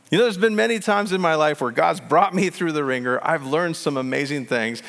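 Male pastor, lively sweeping delivery, gravelly edge, booming hall reverb. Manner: animated, acts out quoted voices, laughs at own jokes. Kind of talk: sermon.

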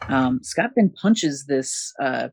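A man's voice: mid-range voice, animated, slow pace, gravelly, a little mellow, slightly rough, dry recording. A man casually recapping a story, rambling with many fillers and chuckles. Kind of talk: casual comic book recap.

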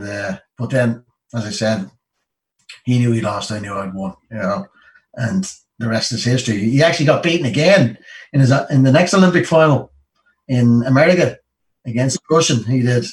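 In a rough recording made from a distance, a middle-aged Irish man speaks in a mid-range voice. The retired Olympic boxer rambles through stories during a casual interview, repeatedly saying "you know what I mean."

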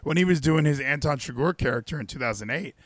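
Young man, podcast host, casual, excitable and profane, raised pitch, dry close sound. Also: fast, no echo.

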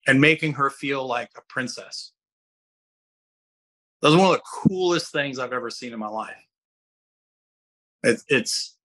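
A middle-aged man guest-hosting a podcast, telling stories with lively, bright energy. He rambles, restarts his sentences and keeps slipping into other people's voices. His tone stays forceful and clear. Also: medium pitch. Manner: animated storyteller who acts out other people's voices. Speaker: fitness coach and guest host. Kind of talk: casual podcast chat.

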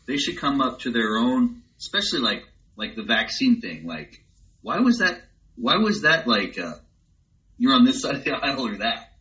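Brief: thoughtful man, casual chat, bright voice, muffled lo-fi sound. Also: mid-range voice, sing-song, moderate pace. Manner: reflective, agreeable, many fillers. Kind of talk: casual conversation.

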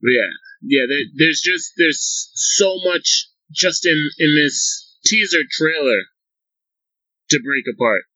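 Guy hosting a game podcast, bright forceful voice, dry dull-ish mic, trips over his words. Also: fairly high pitch, takes it slowly, no room sound. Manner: excitable, repeats words when starting sentences. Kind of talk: casual game discussion chat. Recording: slightly dull, dry lo-fi recording.

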